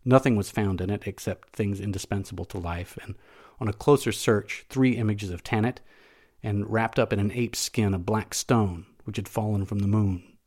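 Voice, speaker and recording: Audiobook narrator, male, lower register, measured and steady delivery. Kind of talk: audiobook narration of a classic novel.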